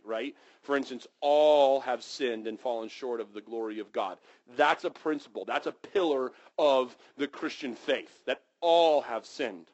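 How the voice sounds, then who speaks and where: A man preaches an animated, story-driven sermon, acting out characters with sudden high yelps and sinking to a hush for reverent moments. The audio quality is poor.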